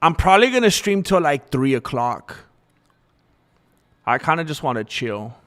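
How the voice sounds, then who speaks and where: A young man talks loosely to his viewers on a livestream, candid and rambling. His voice sits a little higher than most men's. He stops now and then to answer the chat. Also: very animated, normal speed, fairly bright tone. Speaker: livestream host.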